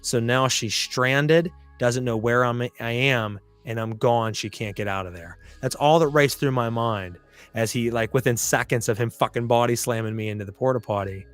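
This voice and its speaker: A man's voice: mid-range voice, moderate pace, faint music behind. A man hosting a podcast, telling a story from his past in a blunt, profane monologue. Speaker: podcast host.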